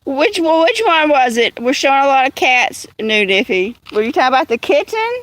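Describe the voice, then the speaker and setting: High-voiced woman chatting to cats. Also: very animated, brisk, a bit bright, no room sound. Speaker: livestream host. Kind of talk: casual livestream chat. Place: outdoors among cats in the evening.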